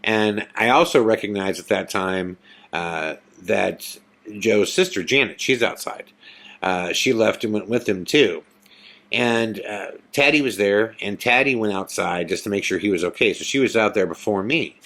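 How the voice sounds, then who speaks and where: A man with a fairly low voice tells a story to his podcast listeners in a loose, conversational way, full of "you know" and "man." He keeps slipping into the voices of the people he describes, acting out their lines. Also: normal speed. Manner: animated, acts out the people he quotes. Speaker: podcast host. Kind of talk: casual storytelling.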